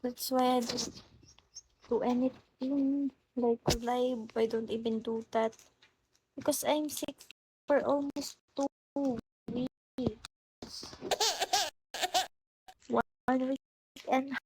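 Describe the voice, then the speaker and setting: A woman's voice: high voice, fairly even intonation, very slow, long pauses, a little mellow, slight background noise, rough recording. A young woman with a Filipino accent, chatting casually on a live stream, greeting viewers by name and slipping into Tagalog phrases. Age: young adult. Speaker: livestreamer.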